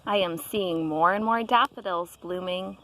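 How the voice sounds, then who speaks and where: A woman who reads aloud to children in an unhurried, gentle way, pausing as she explains. Her pitch is middle for a woman, and there is a faint background hum. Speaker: teacher reading aloud. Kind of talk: children's read-aloud and nature talk.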